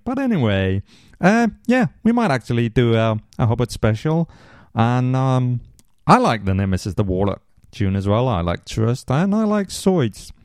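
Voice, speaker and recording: A man's voice: medium pitch, a little mellow, clear, resonant tone, dry recording. A man hosting a casual podcast, reading listener mail and answering with rambling asides and dry humor. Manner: rambling, many ums and restarts, dry humor. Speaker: podcast host.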